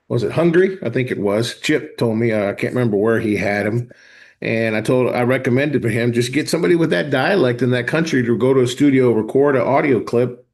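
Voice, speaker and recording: A man hosting a live online class, talking viewers through software step by step in a casual, chatty way. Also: medium pitch. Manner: casual, talks to viewers directly, thinks aloud while clicking. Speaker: host of a software training session. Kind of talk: live screen-share walkthrough.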